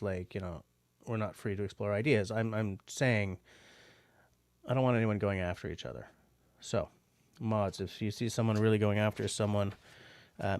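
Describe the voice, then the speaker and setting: A man's voice: fairly low pitch, a little mellow, no echo. A man hosting a livestream, chatting casually and rambling with frequent filler words. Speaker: livestream host.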